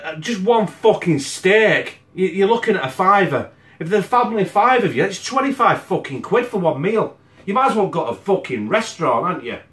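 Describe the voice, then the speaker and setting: A man's voice: high voice, a bit bright. A man, host of a home cooking channel, chatting bluntly to camera and swearing constantly. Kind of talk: casual sweary to-camera chat. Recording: echoey room.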